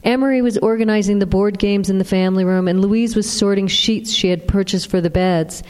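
A woman narrating an audiobook in a steady, even reading. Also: medium pitch, brisk, clear, resonant tone. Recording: long reverb.

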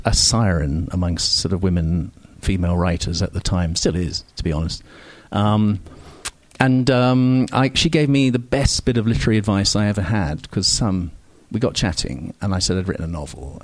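This man, a novelist appearing as a guest, shares anecdotes in casual interview talk, full of ums, restarts and self-deprecating rambling. He has a low-pitched voice at a moderate pace, and the recording is dry.

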